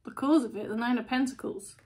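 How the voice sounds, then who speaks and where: A woman hosts a casual tarot reading, talking straight to her viewers in a chatty, blunt, animated way. Her voice sits a little higher than most women's and moves easily between brisk asides and relaxed explanation. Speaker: tarot reader, channel host.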